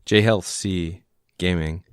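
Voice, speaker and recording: Deep-voiced laid-back man. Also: steady tone, takes it slowly, clean tone, no echo, clean studio sound. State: tipsy from drinking. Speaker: podcast co-host. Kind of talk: casual chat.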